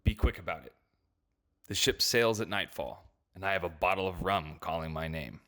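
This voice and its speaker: A woman's voice: very deep voice, moderate pace, a bit bright, pitched below the performer's own voice. A woman voicing a stern male sky-ship captain who gives curt, clipped commands. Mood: commanding. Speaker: narrator voicing characters.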